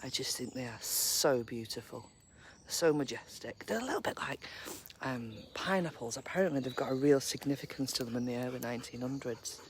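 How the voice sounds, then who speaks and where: A woman chatting casually on a live stream while walking her dogs in a park, cooing at them in a high baby voice. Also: brisk, a little hiss or hum. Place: woodland park outdoors, early morning.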